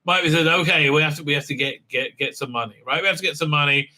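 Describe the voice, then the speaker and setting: Guy recapping a tv episode, super bright tense voice, stumbles a lot with uhs. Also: fairly high pitch. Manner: halting, many fillers, acts out quotes in silly voices. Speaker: show host reviewing a TV episode. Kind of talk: rambling casual recap with mocking asides.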